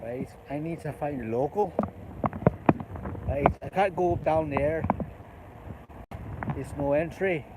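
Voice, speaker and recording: A man's voice: on the high side, slow, long pauses. A man vlogging while walking uphill outdoors, rambling and joking in a put-on Irish accent. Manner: rambling, chatty, jokey. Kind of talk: walking vlog. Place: outdoors on hilly streets. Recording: loud wind noise outdoors.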